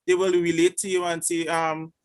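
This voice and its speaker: A man's voice: on the high side, level tone, moderate pace. A man speaking in a church forum over a video call, hesitant and full of fillers as he makes his points. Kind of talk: discussion contribution.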